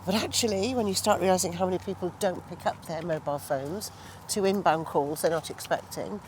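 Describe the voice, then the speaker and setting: Interviewed outdoors near a towpath with traffic going past, a woman guest who trains estate agents talks through her views in a brisk, low-leaning voice. Emphatic, she acts out quoted exchanges pointedly, and clear street noise runs through the recording.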